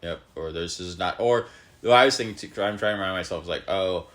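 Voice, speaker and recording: A man's voice: low voice, fairly quick, fairly bright tone. A man co-hosting a podcast, chatting casually with many hesitations and fillers. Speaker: podcast co-host. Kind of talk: casual chat.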